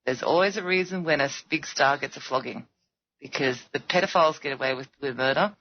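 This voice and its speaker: A woman's voice: deep voice, fairly quick, slight background noise. A woman with an Australian accent, a guest on a radio talk show, chatting bluntly and giggling often. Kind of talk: casual chat. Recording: dull lo-fi radio audio.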